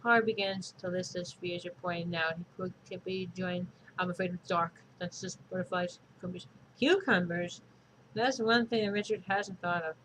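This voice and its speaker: A woman's voice: fairly low pitch, fairly even intonation, normal speed, fairly bright tone, slight background noise, low-quality recording. A woman reading a storybook aloud in a casual, unpolished way, chatting to viewers in asides. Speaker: storybook reader.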